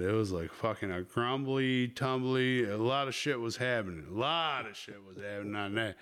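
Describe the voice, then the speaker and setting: A man's voice: medium pitch, fairly bright tone. A man hosting a podcast, telling a crude story in a rambling, casual way with lots of swearing. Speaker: podcast host.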